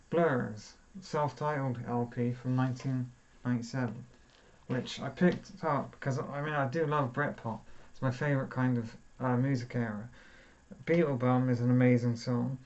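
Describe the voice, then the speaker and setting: Unhurried man chatting about records. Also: mid-range voice, dull audio. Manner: chatty, self-deprecating, thinks aloud. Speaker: vinyl record reviewer. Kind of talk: casual unboxing chat.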